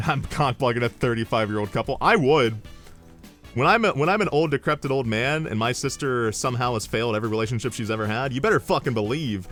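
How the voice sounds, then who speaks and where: There's faint music behind this male streamer, whose mid-range voice is brisk, fairly bright and lively in intonation. He rambles through casual stories, cursing freely and cracking himself up.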